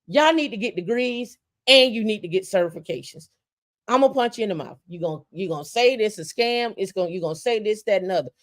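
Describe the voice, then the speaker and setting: A woman's voice: mid-range voice, expressive, fast, hardly any pauses. A woman co-hosting a podcast who rants with passion, repeating phrases for emphasis and stumbling into restarts when heated. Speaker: podcast co-host. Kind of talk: casual opinion talk.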